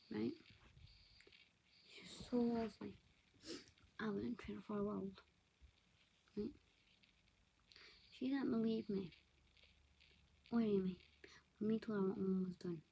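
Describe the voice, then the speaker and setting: A woman's voice: medium pitch, steady tone, a little slow, creaky, long pauses, warm tone, husky, low-quality recording. A young woman telling personal family stories in a casual vlog, often dropping to a whisper and correcting herself as she goes. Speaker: vlogger.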